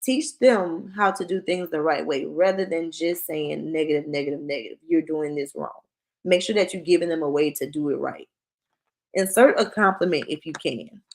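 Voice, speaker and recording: A woman's voice: on the low side, normal speed, vocal fry. A woman who works as a school counselor, giving a conversational parenting workshop and acting out short parent-child exchanges. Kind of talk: presentation to parents.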